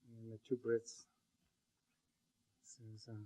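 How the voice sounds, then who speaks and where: A male university lecturer giving a classroom lecture, rambling and joking with many halting restarts. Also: fairly high pitch, a bit bright, poor audio.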